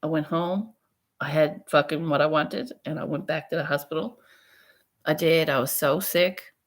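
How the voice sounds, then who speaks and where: Woman vlogger, lower pitch, frank, profane, rambling storyteller. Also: normal speed. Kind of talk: casual storytelling vlog.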